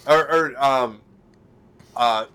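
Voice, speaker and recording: A man's voice: medium pitch, drawn-out words, sharp tone, smooth. A man co-hosting a podcast in casual chat over a video call, rambling with many fillers and restarts. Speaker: podcast co-host.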